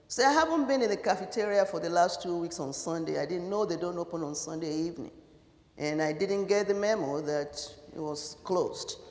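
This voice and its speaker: A woman from Nigeria, telling a personal story in an animated, halting way with fillers and restarts. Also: mid-range voice. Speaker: speaker. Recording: echoey hall with long reverb.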